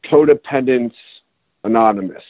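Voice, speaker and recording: A man's voice: medium pitch, moderate pace, no echo, narrow, tinny audio. A man on a casual podcast, a rapper explaining his new song in a rambling way with many restarts. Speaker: rapper and songwriter guest.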